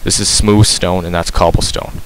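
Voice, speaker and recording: Low-voiced man explaining a game, rambling. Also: flat delivery, normal speed, slight background noise, poor audio. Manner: rambling, self-correcting, frequent ums. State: breathing heavily. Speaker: game tutorial maker. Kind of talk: casual gameplay tutorial. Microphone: cheap mic very close to mouth.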